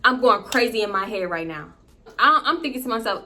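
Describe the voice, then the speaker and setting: A woman hosting her storytime channel, telling the story casually, animated and blunt and swearing freely. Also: medium pitch, a little fast.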